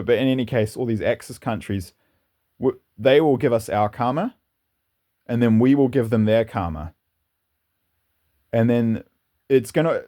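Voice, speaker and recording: A man's voice: fairly low pitch, mellow. A man hosting his own channel, talking through his views in a rambling, earnest monologue. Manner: rambling, earnest, with some laughter. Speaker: channel host. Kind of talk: casual opinionated monologue.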